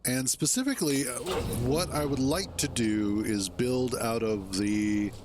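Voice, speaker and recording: A man streaming a game, chatting in a relaxed, rambling way and chuckling to himself as he plays. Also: medium pitch, measured pace, noisy background. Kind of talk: casual gameplay commentary.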